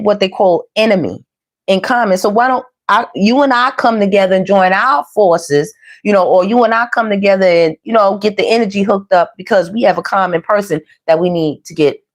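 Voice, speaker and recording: Chatty woman doing a tarot reading. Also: mid-range voice. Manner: chatty, animated, slangy, addresses viewers as y'all. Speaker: tarot reader. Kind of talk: casual tarot reading monologue.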